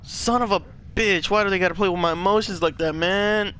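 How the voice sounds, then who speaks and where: Bright-voiced young man swearing through a playthrough. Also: sits high, fairly even intonation, fairly quick, a little hiss or hum. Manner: emotional, swears constantly, reads on-screen text aloud. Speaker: gaming channel host. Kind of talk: game playthrough reaction.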